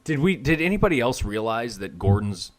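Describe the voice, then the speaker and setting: A man's voice: mid-range voice, sing-song, a little fast. A man co-hosting a podcast, recapping a film plot in casual chat with dry asides. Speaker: podcast co-host. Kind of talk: casual movie review chat.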